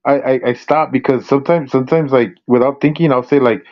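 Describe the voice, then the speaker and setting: A man in casual chat who talks haltingly, full of restarts and fillers. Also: medium pitch, muffled recording. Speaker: panel participant.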